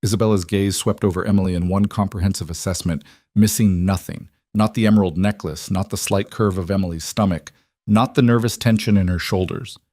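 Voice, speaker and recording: A man calmly reading scripted story narration. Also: deep voice, brisk, no echo, clean studio sound.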